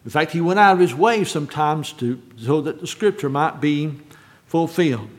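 A man delivers a sermon in a somewhat high voice. He climbs to loud, emphatic repetition, then sinks back to a hushed, deliberate reading of scripture. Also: lively intonation. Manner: builds to shouted quotes, then drops to hushed reading. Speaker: preacher.

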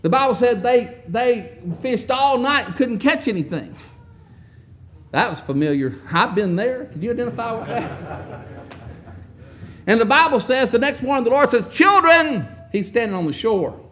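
A man preaching a sermon, telling the story with wry asides and often clearing his throat. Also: very high-pitched, animated, normal speed.

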